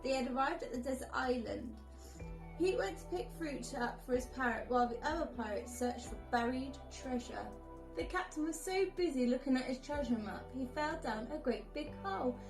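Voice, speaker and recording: A woman from a nursery reading a bedtime story aloud in a lively, expressive way. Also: high voice, moderate pace, over music. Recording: echoey room.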